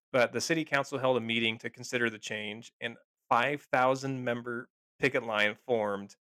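Male podcast co-host, gravelly, sarcastic and profane, close and dry. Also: medium pitch, bright, forceful tone, dry recording. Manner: profane, sarcastic, laughs often. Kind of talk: casual chat.

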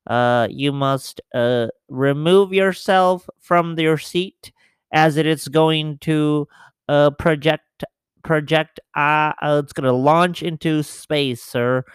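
A man's voice: on the high side, steady tone, slow, smooth, dry recording, studio quality. A man voicing a bumbling, apologetic male government security official in an improvised comedy sketch, who rambles nervously with lots of fillers. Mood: officious.

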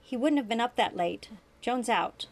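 A woman's voice: on the high side, animated, normal speed. A woman reading aloud, voicing a young crewman who calls out in alarm. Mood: worried. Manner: shouting in alarm. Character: panicked young crewman, male.

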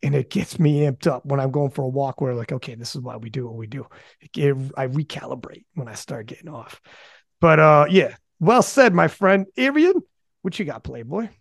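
A man hosting a podcast in casual chat, animated and swearing often, restarting his sentences. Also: fairly high pitch, normal speed, gravelly, no echo, studio quality. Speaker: podcast host.

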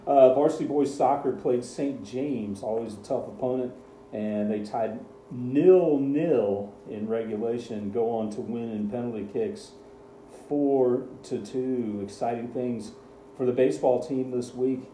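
Sports co-host, male, very dark mellow tone, roomy echo with faint hiss; reads scores, dry asides. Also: medium pitch, measured pace. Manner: rattles off scores, dry sarcasm. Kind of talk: casual radio sports chat.

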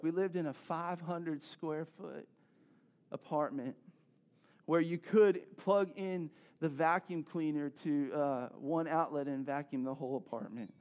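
A man, preaching a sermon in a conversational, animated storytelling way with asides to the congregation. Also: a little high, unhurried, highs cut off. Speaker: pastor.

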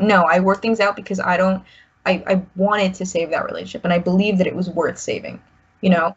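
Husky lowish voice, young woman in her 20s spilling a long story, lots of likes and restarts, kinda muffled audio. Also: steady tone, quick pace. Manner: rambling, full of "like" and restarts. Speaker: guest sharing a personal story. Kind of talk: candid personal storytelling. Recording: slightly muffled recording.

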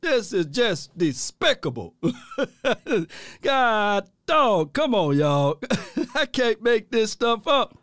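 A male sports talk host on a livestream, animated and exasperated, drawling informally, repeating phrases and laughing often as he reads viewer chats. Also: high voice, drawn-out words, no room sound, clean studio sound.

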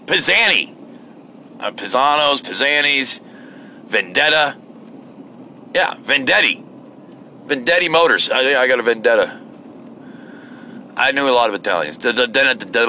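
A man's voice: lowish voice, sharp tone, a little hiss or hum. A man hosting a solo podcast from his car as he drives, delivering a profane, rambling, sarcastic rant. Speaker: podcast host. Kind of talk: ranting solo podcast while driving. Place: car while driving.

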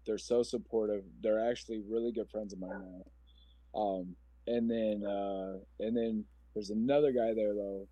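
A fortysomething man from Omaha, Nebraska, tells his personal story on a podcast with earnest, rambling emotion. His fairly low voice keeps fairly even intonation at normal speed, and the audio is dull with no room sound.

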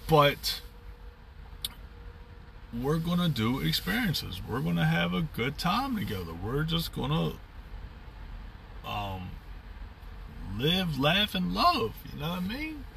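Bright-voiced man musing off-mic. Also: fairly high pitch, sing-song, takes it slowly, vocal fry, pauses often, recorded from a distance, a little hiss or hum. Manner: rambling, upbeat, with frequent fillers and restarts. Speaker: podcast host. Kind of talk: casual reflective monologue.

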